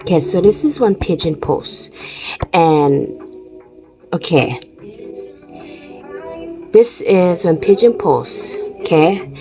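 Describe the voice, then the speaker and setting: Chatty woman vlogger with a Hawaiian Pidgin accent; slow, easygoing delivery with plenty of restarts, music playing behind. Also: on the low side, animated, low-quality recording. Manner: chatty, laughing, many restarts. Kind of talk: casual explainer talk.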